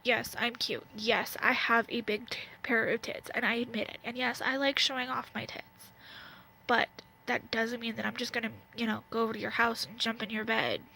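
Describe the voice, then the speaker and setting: A woman's voice: on the high side, flat delivery, fairly quick, creaky, bright, forceful tone, slight background noise, rough recording. A young woman with a Southern US accent, venting bluntly to camera at home, rambling with lots of fillers. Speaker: vlogger. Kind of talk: candid casual rant to camera. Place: at home, wrapped in a blanket.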